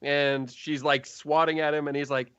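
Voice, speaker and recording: A man's voice: a little high, little pitch movement, moderate pace, a bit bright, clean tone, no echo. A man narrating a tabletop game as game master, loose and chatty, laughing often, in a dull, dry recording.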